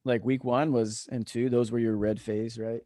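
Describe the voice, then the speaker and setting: A man's voice: medium pitch, level tone, moderate pace, mellow, dry recording, studio quality. A man on a remote call, telling stories in a laid-back, casual way, swearing freely and chuckling as he goes. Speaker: podcast guest, retired veteran. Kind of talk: casual storytelling.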